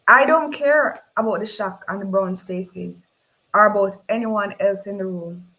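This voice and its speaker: A woman with a Jamaican accent reading a novel aloud in first person, expressive and dramatic. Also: mid-range voice, measured pace, low-quality recording. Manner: expressive, voices the characters in dialogue. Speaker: reader.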